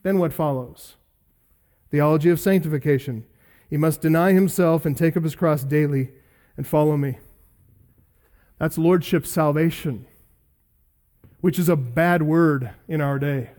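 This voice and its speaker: High-voiced man preaching an emphatic sermon. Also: a little mellow. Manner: emphatic, stretches key words slowly and builds in repeated lists. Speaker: pastor. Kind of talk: expository sermon.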